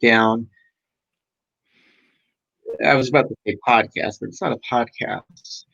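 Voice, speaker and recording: A man's voice: mid-range voice, steady tone, slow pace, gravelly, a bit bright, no echo. A man leading a casual discussion stream in an easygoing way, asking his co-host the questions. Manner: easygoing, moderating, asks the questions. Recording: dull lo-fi sound over an unstable online call.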